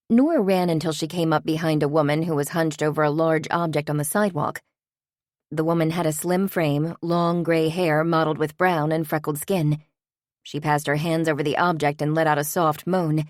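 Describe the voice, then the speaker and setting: A woman narrating a novel in a steady, even audiobook reading. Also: deep voice, no room sound, studio quality.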